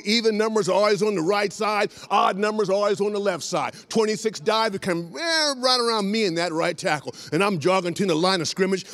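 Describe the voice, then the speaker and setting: A man from Columbus, Ohio, a former football lineman, telling a lively story to an audience, acting out lines and breaking into shouts. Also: on the high side. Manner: animated, acts out quotes, bursts into shouts.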